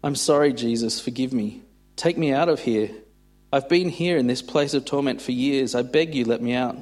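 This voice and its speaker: A man's voice: mid-range voice, moderate pace, darkish tone, lightly acted. A man voicing a sobbing damned soul begging for mercy. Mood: pleading. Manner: pleading, desperate.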